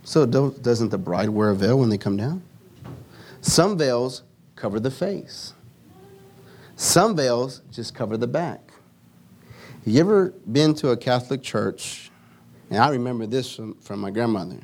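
A man preaching a sermon, moving from solemn teaching to lively storytelling. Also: medium pitch, a little slow, long pauses. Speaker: pastor.

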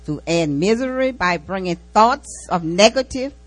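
Woman, church testimony and informal sermon, folksy and repetitive, mid-pitched, laughs easily. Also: expressive, moderate pace, dry recording, rough recording. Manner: folksy, repeats key lines, laughs between phrases. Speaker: church speaker giving a testimony.

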